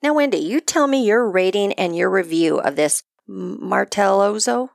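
A woman's voice: medium pitch, very animated, moderate pace, no room sound. A woman co-hosting a podcast, chatting casually and playfully while tasting wine, laughing easily. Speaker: podcast co-host.

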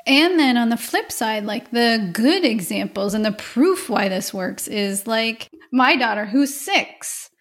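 Woman in her forties, podcast host, higher voice, eager and chatty. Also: expressive, measured pace, hardly any pauses. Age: 40s. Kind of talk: casual conversation.

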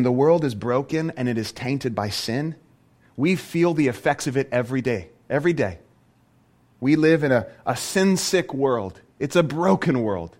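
A man preaching a sermon as a pastor, animated and full of rhetorical questions. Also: medium pitch.

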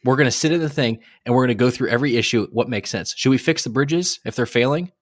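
A man's voice: mid-range voice, fast, no echo, clean studio sound. A man co-hosting a sports podcast who rants in an exasperated, profane way. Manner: animated, exasperated, profane ranting. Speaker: podcast co-host. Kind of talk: casual sports podcast rant.

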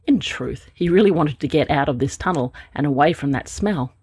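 A woman reads a storybook in a gentle, expressive way, her voice low and swinging widely up and down. The sound is husky and dry, close to the microphone. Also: normal speed. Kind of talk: storybook reading.

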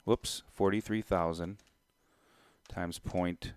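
Low and slow, this male voice belongs to a real estate investor, captured in a dry recording. He casually tells a story to camera, animatedly playing both parties to a deal and thinking aloud as he works through the numbers.

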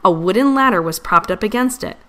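A woman reads a children's storybook aloud with expressive animation, her medium-pitched voice moving a little fast.

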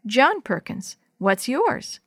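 Kind young man rescuer, gentle, slightly preachy, a woman reading him. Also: a little high, very animated, slow pace, no echo, studio quality, exaggerated voice.

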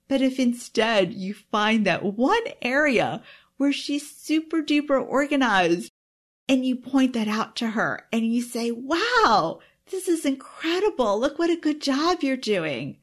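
Woman, self-help coach, parent, earnest, emotional, exclaiming, fairly high voice. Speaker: time management coach. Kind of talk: self-help teaching monologue.

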